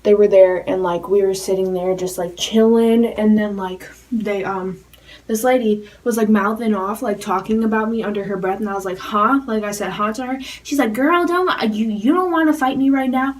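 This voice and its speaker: A teenage girl telling a story to camera, talking fast and rambling, with "like" in nearly every phrase. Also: medium pitch, fairly even intonation, darkish tone, distant mic, low-quality recording. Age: teens. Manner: rapid rambling with constant "like" fillers. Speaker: fan vlogger.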